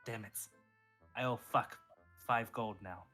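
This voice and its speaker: A game master voicing an excitable, cheeky little girl who squeals and chants in a sing-song way. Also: mid-range voice, unhurried, soft background music.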